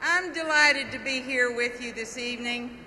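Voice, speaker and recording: A woman's voice: fairly high pitch, moderate pace, sharp tone. A woman with a Texas accent giving folksy political speeches, drawling out wry one-liners. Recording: echoey hall, faint noise.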